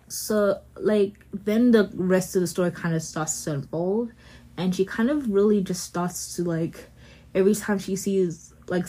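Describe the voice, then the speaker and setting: A woman's voice: fairly low pitch, darkish tone, slightly rough. A woman hosting a podcast, chatting casually through a TV show recap in a rambling way, full of fillers and self-corrections. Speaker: podcast host.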